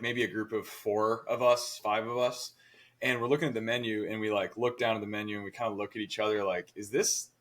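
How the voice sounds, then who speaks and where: A young man with a somewhat low voice co-hosts a podcast in easygoing conversation. He rambles through his stories and leans on fillers like "like" and "you know.". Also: fairly bright tone. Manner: rambling, filler-heavy, lots of "like". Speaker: podcast co-host. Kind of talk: casual chat.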